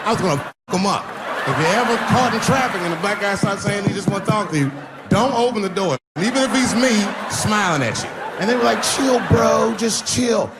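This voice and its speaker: On stage before a live audience, a man with a high, expressive voice talks fast over a loud, very noisy crowd. His stand-up comedy is long, loose, conversational storytelling that lands on profane punchlines.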